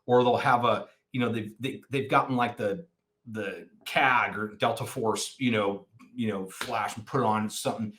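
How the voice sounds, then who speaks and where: A man's voice: lowish voice, normal speed. Rambling male podcast guest. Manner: rambling, animated storyteller. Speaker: podcast guest, nonprofit founder. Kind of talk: casual interview chat.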